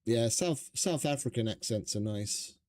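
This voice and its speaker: A man's voice: medium pitch, lively intonation, measured pace, a little mellow. A man streaming a survival game, chatting casually in a rambling, profane, stop-start way. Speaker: gaming streamer. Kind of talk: casual gameplay commentary.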